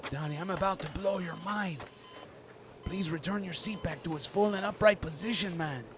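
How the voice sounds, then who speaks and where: A man's voice: high voice, normal speed, over music, voice pushed up, close to an everyday voice. A man voicing a laid-back male buddy who drawls and keeps saying "man" in a comedy sketch. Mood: calm. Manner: drawling, calls everyone man.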